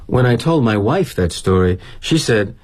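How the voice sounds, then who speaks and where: A middle-aged actor playing a weary, guilt-ridden corporate executive in a dramatic monologue, wry and confiding. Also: male voice, mid-range voice, lively intonation, moderate pace, natural voice.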